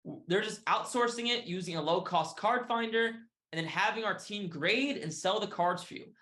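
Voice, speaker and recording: A man giving an upbeat, hard-sell sales pitch, often tagging his lines with "right?" and "okay?". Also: normal speed, sharp tone. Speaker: sales presenter.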